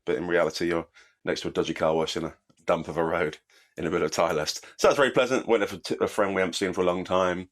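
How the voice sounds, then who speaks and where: A British man in his forties with a deep, low voice and a stuffy, bunged-up nose from a cold. He talks quickly in a chatty, self-deprecating way, like a podcast co-host catching up with an old friend. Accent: British English. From Britain. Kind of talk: casual chat.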